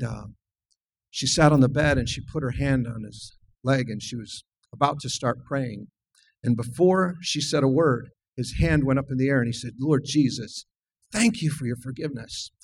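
A man's voice: medium pitch, slight background noise, poor audio. Earnest man preaching a sermon. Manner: earnest, storytelling, frequent restarts. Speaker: minister. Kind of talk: sermon with personal story.

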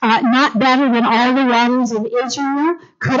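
Animated church lady teaching scripture, kinda high voice, dull old recording. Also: normal speed, hardly any pauses. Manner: animated, calls for congregation responses. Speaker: Bible teacher. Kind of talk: sermon.

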